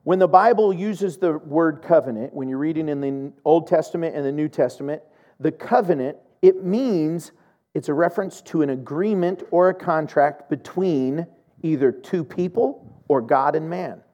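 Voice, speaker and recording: A man preaching a sermon as a pastor, who explains a teaching and then tells a lively personal story, acting out the voices of the people in it. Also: a little high, moderate pace, muffled recording.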